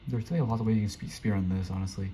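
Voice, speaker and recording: A man's voice: fairly low pitch, fairly even intonation, rapid-fire, mellow. A young man giving casual, rambling commentary as he plays a game, often frustrated and talking to himself. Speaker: gaming streamer. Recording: dull lo-fi mic with faint hiss.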